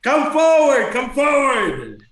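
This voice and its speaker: A man's voice: sits high, lively intonation, normal speed, a bit bright, echoey room, distant mic, pitched above the performer's own voice. A man voicing a band of small, foul-mouthed male redcap gnomes who bicker and threaten. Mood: shouting.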